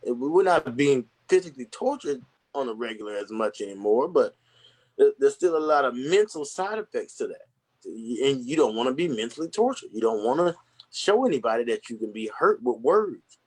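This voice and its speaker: A man's voice: medium pitch, a little mellow, husky. Regular guy on a podcast, earnest, kinda rambly, lots of slang. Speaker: podcast guest. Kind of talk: casual conversation.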